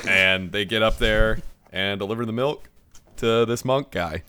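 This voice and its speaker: A man chats through an anime episode recap in a relaxed podcast conversation. His voice is bright and forceful, sitting a little low. He laughs easily, swears freely and slips into quick impressions of the characters. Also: a little hiss or hum. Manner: laughs often, swears, acts out characters' lines. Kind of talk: casual chat.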